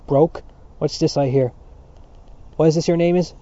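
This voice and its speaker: Guy reading as a harsh priest prefect yelling at schoolboys, dark heavy voice, dull muffled audio. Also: fairly high pitch, fairly even intonation, normal speed, close to an everyday voice. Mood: accusing. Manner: barking, scornful harangues. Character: stern, bullying male priest prefect of a boys' school.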